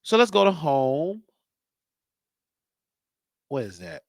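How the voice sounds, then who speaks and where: A man's voice: fairly high pitch, wildly swooping pitch, takes it slowly, creaky, dry recording, clean studio sound. A man hosting his own show, talking casually and rambling, joking and thinking aloud as he goes. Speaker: show host. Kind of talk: casual live-stream monologue.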